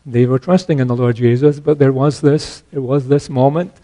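Mellow-voiced man preaching a sermon. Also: mid-range voice, normal speed, rough recording. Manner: earnest expository preaching, rising to emphatic stresses. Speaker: pastor.

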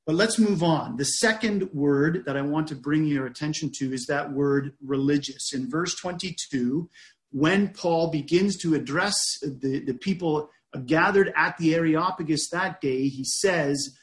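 A man preaching a sermon in a measured, deliberate way, often restarting his phrases. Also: a little high, echoey room.

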